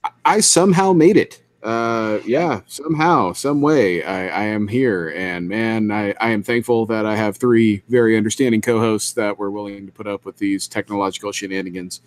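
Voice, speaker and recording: A man's voice: fairly low pitch, moderate pace. A man co-hosting a casual podcast chat, rambling and joking, with stammered restarts. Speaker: podcast co-host.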